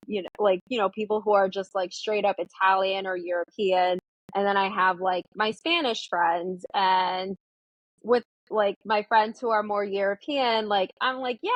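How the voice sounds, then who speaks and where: A young woman with a mid-range voice talks as a guest in a relaxed podcast chat. She fills her sentences with "like" and acts out little quotes of what she says to people. The recording is close and dry. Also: mid-range voice, no echo, low-quality recording. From United States. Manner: chatty, lots of "like", acts out her own quotes. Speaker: therapist, guest. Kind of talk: casual interview chat.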